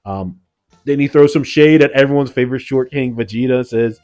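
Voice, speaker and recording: A man's voice: medium pitch, a little fast, darkish tone, clean tone, soft background music. A man giving a casual, slangy recap of an anime episode, loose and full of "like" and "yo". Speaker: anime reviewer.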